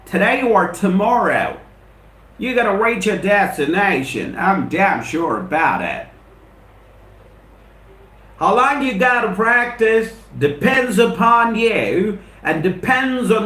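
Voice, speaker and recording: A man's voice: high voice, sharp tone, echoey room. A man with an Indian English accent runs a live spoken English lesson, repeating his points with emphasis and greeting viewers by name. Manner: repetitive, emphatic motivational delivery.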